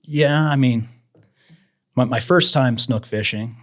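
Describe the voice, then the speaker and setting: A man telling fishing stories as a podcast guest in a casual, animated way, raising his voice to act out the people he quotes. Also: medium pitch, takes it slowly. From Idaho, USA. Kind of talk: casual storytelling in an interview.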